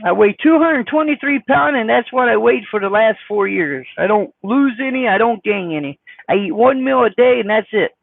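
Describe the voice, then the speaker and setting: A man with a squeaky, very high voice and a gravelly edge talks blunt and folksy, answering his chat. The sound is thin and phone-like, with no room around it. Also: expressive, moderate pace, no echo. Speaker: trucker vlogger reading live chat. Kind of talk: casual live-stream chat.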